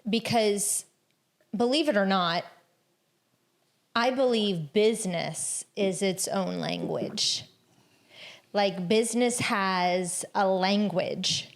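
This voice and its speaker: A woman with a Southern US accent from Georgia, co-hosting a casual podcast chat, chatty and quick to laugh. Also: medium pitch. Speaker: podcast co-host. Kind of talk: casual conversation.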